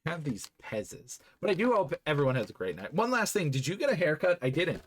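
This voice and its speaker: A man's voice: on the high side, wildly swooping pitch, fast. A man hosting a podcast stream, chatting casually and goofing around as he signs off. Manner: jokey, goofy, rambling sign-off. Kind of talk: casual chat while live streaming.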